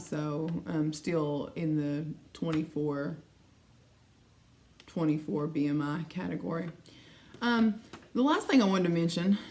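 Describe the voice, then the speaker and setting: A woman's voice: on the low side, darkish tone. A woman in her thirties, talking casually in a vlog, retelling conversations with frustration and acting out both sides. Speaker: weight-loss vlogger.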